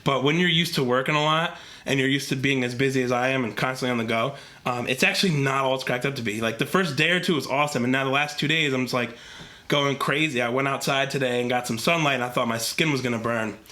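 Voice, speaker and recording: A man's voice: mid-range voice, bright, forceful tone. A young man with a stuffy, congested voice from a cold, earnestly talking straight to his camera in a rambling vlog full of fillers. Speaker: vlogger. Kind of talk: casual talk to camera. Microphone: camera mic, talking to camera.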